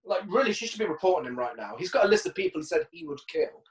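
A woman's voice: lowish voice, big pitch swings, racing. Woman podcast co-host, sarcastic plot recap, recorded off-mic in a roomy space. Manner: laughing, sarcastic retelling of film scenes. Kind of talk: casual film recap chat. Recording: echoey room, distant from mic.

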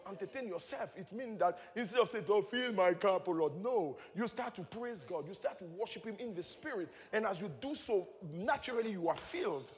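Male preacher, very high-pitched, shouts praise and chuckles, long hall echo. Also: lively intonation, fairly quick, few pauses. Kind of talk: sermon.

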